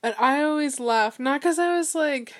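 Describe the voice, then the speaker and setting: A young woman in a casual chat, animated and giggly, acting out the people in her stories. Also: high voice, moderate pace. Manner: giggly, animated storyteller who acts out quotes.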